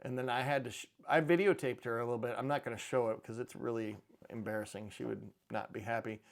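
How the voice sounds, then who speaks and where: Middle-aged man, mid-pitched, loose rambling vlog talk with dry offhand jokes. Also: steady tone, fast talker, gravelly. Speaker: precious metals channel host. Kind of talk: casual chat to camera.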